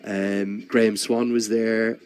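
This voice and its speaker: A man's voice: fairly low pitch, level tone, slow, a little mellow, clean tone. A man commentating live on a cricket match while telling a long, rambling anecdote, with frequent restarts.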